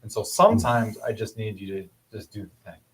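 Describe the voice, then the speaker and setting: Low-voiced man, halting casual talk. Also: very animated, fairly bright tone, breathy edge, rough recording. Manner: halting, restarts mid-thought. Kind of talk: casual conversation.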